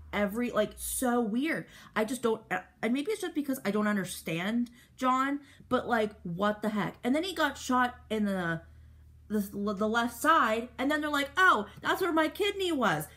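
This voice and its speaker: A young beauty vlogger with a medium-pitched, slightly rough voice rambles while putting on makeup, her casual chat full of fillers and turning animated when she gets excited.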